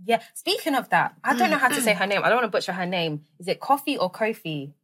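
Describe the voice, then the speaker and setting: A woman's voice: mid-range voice, animated, fast talker, a bit bright, slightly rough. A woman hosting a podcast, chatting casually and animatedly with slang. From United Kingdom. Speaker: podcast host. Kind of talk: casual chat.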